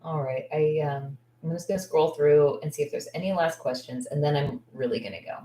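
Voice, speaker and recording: A woman's voice: sits low, fairly quick, mellow, roomy sound. A woman business coach chatting on a livestream, candid and effusive, rambling with lots of likes and restarts. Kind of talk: casual livestream chat.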